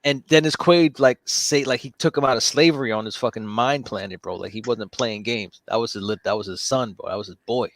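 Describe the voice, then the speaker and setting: A man's voice: mid-range voice, fairly quick, few pauses, a little hiss or hum. A man in casual chat, telling a movie plot with lots of filler, cursing and acted-out character voices. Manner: animated storytelling, heavy profanity and filler.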